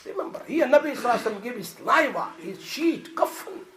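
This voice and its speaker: A man preaching a Friday sermon in a mosque, moving from hushed words to shouts and mixing in Arabic and Hindi-Urdu phrases. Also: very high voice, very animated, very fast. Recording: echoey mosque room, faint noise.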